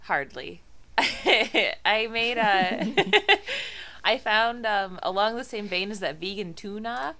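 Teasing podcast woman, mid pitch, voice moves up and down a lot. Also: very animated, takes it slowly, sharp tone. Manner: dry, teasing, laughs often. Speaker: podcast co-host. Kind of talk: casual podcast chat.

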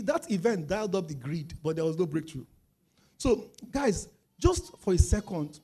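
Nigerian accent, man, preacher, fairly high voice, animated sermon, quoted voices. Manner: lively, acts out quoted voices, rises to loud emphatic stretches.

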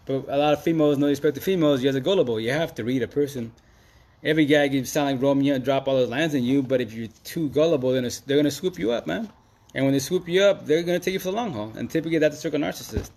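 A man's voice: fairly high pitch, very fast, a little mellow. A man talking straight to camera in a casual, slangy monologue, full of emphatic repeats and street talk. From Seattle, USA. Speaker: Facebook Live vlogger.

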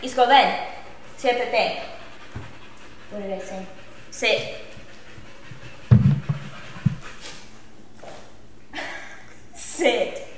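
Slow-talking woman, teasing, echoey room. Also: a little high. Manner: unhurried, teasing, swears freely. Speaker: podcast co-host. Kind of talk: casual chat. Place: home, at night. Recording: echoey noisy home room.

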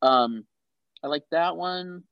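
Man, guest actor, animated storyteller, casual swearing, dry close sound. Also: a little high, takes it slowly, creaky, smooth, dry recording, muffled recording. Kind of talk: casual interview chat.

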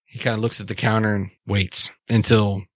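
Casual tabletop game master, a man with a low voice, rambling, dry recording. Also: level tone, no room sound. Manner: rambling, halting with fillers.

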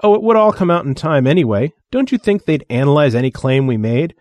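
A man voicing a blunt male exobiologist who speaks in a brisk, matter-of-fact way. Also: fairly high pitch, animated, darkish tone, no room sound, voice pushed up, natural voice.

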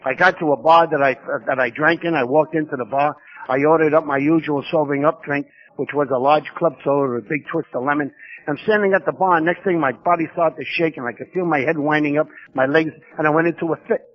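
A man's voice: a little high, steady tone. Gritty New man telling his story. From New York. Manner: gritty, streetwise, rapid-fire storytelling. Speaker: speaker at a recovery conference. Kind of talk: personal storytelling talk. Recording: lo-fi 1990s conference tape.

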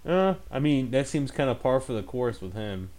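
A man co-hosting a casual podcast, reacting with wry, sarcastic remarks and quick questions. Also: medium pitch, expressive, a little mellow. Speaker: podcast co-host.

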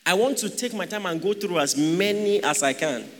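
High, bright-voiced preacher in a reverberant hall. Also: male voice, expressive, moderate pace. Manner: rhetorical questions to the congregation, joking asides. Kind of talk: sermon.

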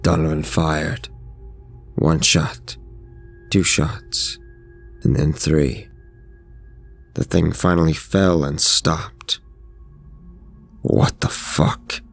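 Male horror narrator, scripted, measured, steady, extremely deep, flat delivery. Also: gravelly, faint music behind. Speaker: storyteller.

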